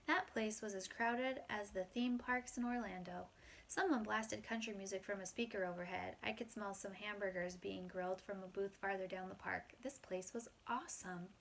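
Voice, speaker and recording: A woman's voice: mid-range voice, vocal fry, a little hiss or hum, low-quality recording. A woman reading a children's chapter book aloud as a bedtime story, in a friendly way, lightly voicing the characters.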